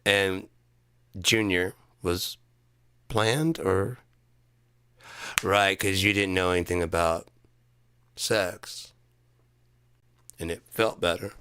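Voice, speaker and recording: A man's voice: deep voice, fairly even intonation, slow pace, long pauses, bright, forceful tone, clear, resonant tone, dry recording. A man ranting sarcastically and profanely, mocking people and slipping into put-on voices. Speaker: comedic commentator. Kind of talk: sarcastic solo rant.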